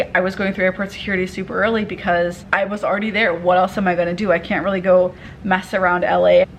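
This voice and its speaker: A young woman telling a story in a casual vlog, candid and animated, swearing freely and acting out what people said. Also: lowish voice, a little hiss or hum, poor audio. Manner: candid, animated retelling with profanity and quoted dialogue. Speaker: vlogger.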